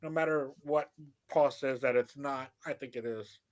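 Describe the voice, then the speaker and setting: A man's voice: mid-range voice, fairly even intonation, moderate pace. A man co-hosting a podcast in casual chat, thoughtful and a little hesitant. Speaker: podcast co-host.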